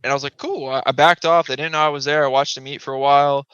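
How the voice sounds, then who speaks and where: A man's voice: mid-range voice, rapid-fire, smooth, no echo. A man, a guest on a podcast, telling a hunting story casually and acting out voices and sounds. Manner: animated, acts out voices and sounds. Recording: dull lo-fi podcast audio.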